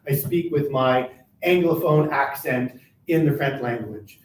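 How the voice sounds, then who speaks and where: An older man giving a live workshop talk, who talks fast and keeps checking in with "right?". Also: mid-range voice. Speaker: workshop presenter for a workers' advocacy centre. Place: meeting room at a chamber of commerce. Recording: roomy, distant, faint noise.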